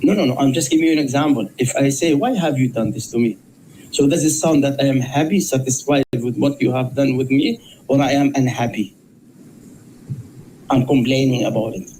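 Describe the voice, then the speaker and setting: Mellow-voiced man arguing in debate. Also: mid-range voice, steady tone, slight background noise, poor audio. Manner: deliberate, repeats rhetorical questions. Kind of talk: live debate argument.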